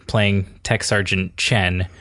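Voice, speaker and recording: A man's voice: low-pitched, level tone, takes it slowly, bright, forceful tone. A man talking casually as a podcast guest, chuckling as he retells favourite movie moments. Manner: amused, chuckling while he retells scenes.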